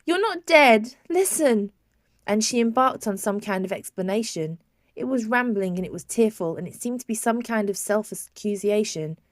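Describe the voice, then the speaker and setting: A woman narrates a novel in a measured, even storytelling manner, at a middle pitch. Her voice is close and dry, with no room sound. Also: dry recording. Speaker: audiobook narrator. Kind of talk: scripted narration.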